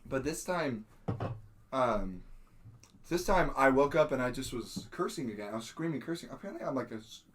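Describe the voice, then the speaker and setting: A young adult man telling a story in casual podcast chat, acting out quotes with sudden shouts. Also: mid-range voice, sing-song, moderate pace. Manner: many fillers and restarts, laughing. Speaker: podcast host.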